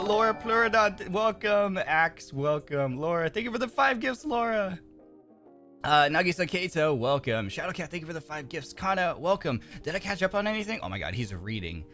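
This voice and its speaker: A young man with a high, slightly bright voice runs a casual livestream. He cheerfully welcomes and thanks viewers by name, though he often stumbles over the names.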